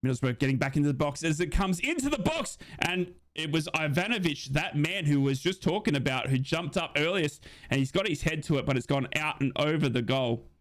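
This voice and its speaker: A man giving excitable live football commentary during a watch-along, his voice jumping high in big moments as he reads out and answers viewer comments. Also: a little fast. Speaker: football fan commentator and streamer.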